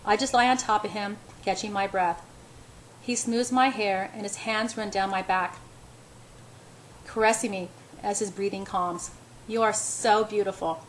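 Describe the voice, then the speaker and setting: A woman reading first-person romance narration in a soft, intimate way. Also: medium pitch, steady tone, unhurried, long pauses, echoey room, slight background noise, poor audio. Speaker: audiobook reader.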